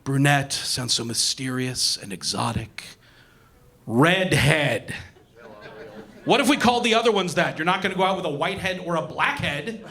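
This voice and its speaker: A young man performing a stand-up comedy set on a club stage, animated and acting out the voices of the people in his jokes. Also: fairly high pitch, a little fast. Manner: animated, acts out voices and punchlines.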